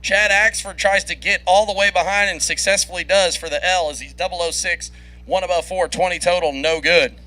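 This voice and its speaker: A man's voice: sits high, fairly even intonation, bright, forceful tone, low-quality recording. A man calling drag races live, rattling off dials and reaction times, laughing often between runs. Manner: quick play-by-play, laughs often. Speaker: drag racing commentator. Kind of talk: live race commentary. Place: racetrack broadcast booth.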